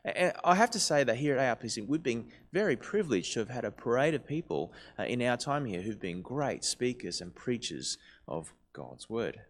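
Brief: male pastor, sermon, conversational, swooping very expressive pitch. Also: brisk, few pauses. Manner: lively, conversational preaching.

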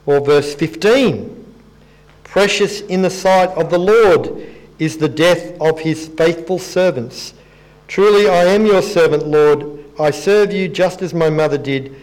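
Higher-voiced man preaching conversationally. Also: measured pace, a little mellow, low-quality recording. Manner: conversational and self-deprecating, reads scripture aloud. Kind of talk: sermon.

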